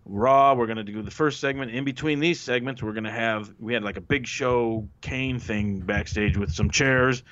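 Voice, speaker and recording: Speaking at a normal speed with few pauses, this man has a medium-pitched, slightly bright voice. He's a former wrestling writer telling stories as a guest in a casual interview, shouting out quoted lines and cursing without restraint, all on muffled lo-fi audio.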